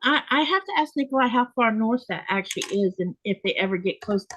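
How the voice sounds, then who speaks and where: A woman's voice: on the high side, animated, quick pace, fairly bright tone, muffled recording, a little hiss or hum. A woman hosting a casual chat from her home sewing desk, talking in a rambling way with restarts and laughs. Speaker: host.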